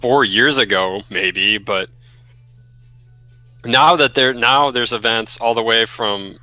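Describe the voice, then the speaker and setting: Joking man with a bright voice. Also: mid-range voice, slow, dry recording, faint music behind, low-quality recording. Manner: joking, mock-dramatic. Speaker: podcast co-host. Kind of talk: casual gaming podcast chat.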